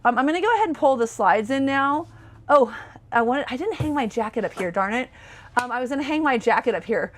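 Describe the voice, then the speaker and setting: A woman's voice: fairly high pitch, expressive, fast talker, a little hiss or hum. A woman giving a casual, chatty walkthrough of a motorhome as a presenter, enthusiastic and full of fillers. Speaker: RV sales presenter. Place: inside a motorhome.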